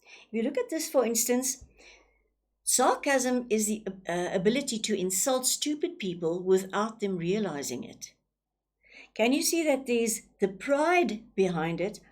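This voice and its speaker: A woman's voice: a little high, expressive, measured pace. A woman teacher with a South African English accent, explaining a lesson with many ums and repeated words, often asking rhetorical questions.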